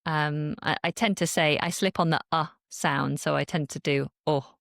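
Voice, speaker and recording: A woman from Manchester talks as a podcast guest. She has a light Northern English accent and speaks clearly and earnestly. Her voice is slightly low for a woman, and the sound is dry and close. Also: fairly even intonation, moderate pace, fairly bright tone, no echo. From Manchester, England. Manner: articulate, earnest, clear speech. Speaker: guest, English teacher creator. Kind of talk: casual interview chat.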